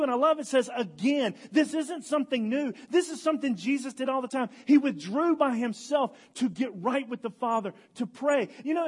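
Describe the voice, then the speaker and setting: A young man giving a casual, joking sermon as a guest speaker, acting out the people in the story as he retells it. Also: extremely high pitch. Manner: animated, joking storyteller, acts out quotes.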